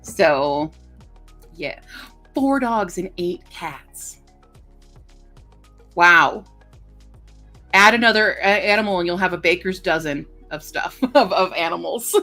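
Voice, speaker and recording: A woman livestreamer chatting casually with her viewers, rambling and filling pauses with lots of ums and uhs. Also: medium pitch, pushed and bright. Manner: chatty and rambling, with many fillers. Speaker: livestreamer greeting chat. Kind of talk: casual live-stream chat.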